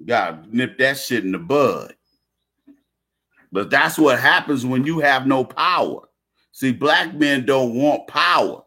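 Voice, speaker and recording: A man's voice: medium pitch, animated, takes it slowly, bright, forceful tone, husky. A man delivering a casual monologue rant, blunt and slangy, repeating himself and restarting phrases.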